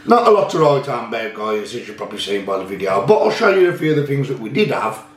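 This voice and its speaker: A man's voice: medium pitch, very animated, quick pace, reverberant. A man hosting a magnet fishing channel, chatting casually and rambling a little as he shows his finds. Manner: chatty, rambling, self-correcting. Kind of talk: casual chat showing finds.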